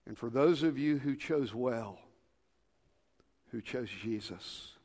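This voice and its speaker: Gravelly-voiced pastor preaching in a big hall. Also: male voice, medium pitch, takes it slowly. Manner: swings from hushed whispers to shouted rallying calls. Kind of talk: sermon. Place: large church with a balcony. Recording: long reverb of a large hall.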